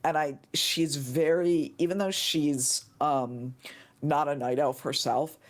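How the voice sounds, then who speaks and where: A woman in casual podcast chat, excitable and gushing, now and then shrieking with delight. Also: sits low, takes it slowly. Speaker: podcast guest.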